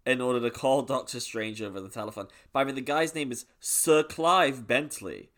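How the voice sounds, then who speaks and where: A British man co-hosting a podcast, chatting about comics with animated, jokey asides. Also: medium pitch, quick pace. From Britain. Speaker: podcast co-host. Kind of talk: casual comic book discussion.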